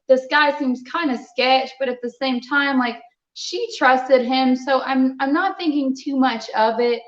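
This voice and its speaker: A young adult woman, a fighter being interviewed, telling a story in a lively, casual way and acting out what others said. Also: high-pitched, a little slow. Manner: animated, quotes others in conversational retelling. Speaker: muay thai fighter, interview guest. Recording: roomy, slightly dull sound.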